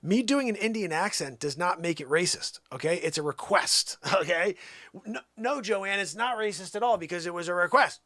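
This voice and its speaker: Male livestream host, high voice, emphatic rambling chat, dry close-mic sound. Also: normal speed, dry recording. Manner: animated, emphatic, defensive, talks to chat. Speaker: livestream music show host. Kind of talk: rambling live-stream chat.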